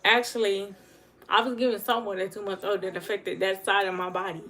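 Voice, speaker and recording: A woman talking fast and earnestly in a casual livestream monologue, repeating herself for emphasis. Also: medium pitch, level tone, sharp tone. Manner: fast talker. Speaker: livestream host.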